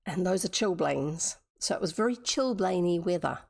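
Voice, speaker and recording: A woman's voice: fairly low pitch, lively intonation, normal speed, gravelly, a little mellow, breathy edge, dry recording, studio quality. A woman from New Zealand reading a classic novel aloud on a livestream, with chatty explanatory asides. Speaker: storybook reader on a livestream.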